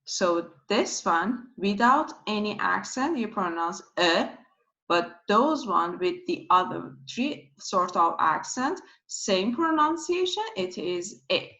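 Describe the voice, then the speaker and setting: A woman giving a slow pronunciation lesson, who repeats each sound patiently several times. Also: medium pitch, big pitch swings, sharp tone. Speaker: language teacher. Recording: dull lo-fi recording.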